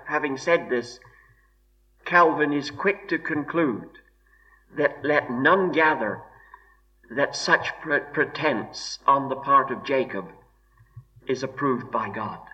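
Slow, bright-voiced preacher man. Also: mid-range voice. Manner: slow, measured, deliberate emphasis. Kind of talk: expository sermon. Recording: dull lo-fi recording.

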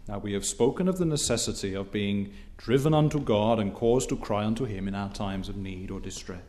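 A man preaching an expository sermon in a measured, formal way, reading scripture and rising in force when impassioned. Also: mid-range voice, a little mellow.

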